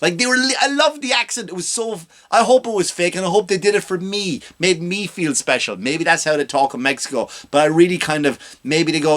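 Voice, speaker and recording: A man's voice: sits high, a little fast, hardly any pauses, a bit bright. A man hosting a comedy podcast, ranting in a rambling, self-mocking way.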